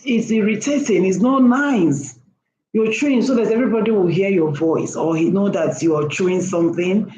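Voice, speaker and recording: A woman's voice: a little high, darkish tone, echoey room, a little hiss or hum, rough recording. A woman talking casually to camera as a vlogger, emphatic and repeating her points for stress.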